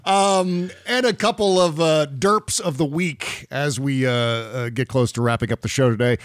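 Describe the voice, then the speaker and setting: A man's voice: mid-range voice, moderate pace, no echo, clean studio sound. A man hosting a casual political podcast, sarcastic and swearing, laughing often. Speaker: podcast host.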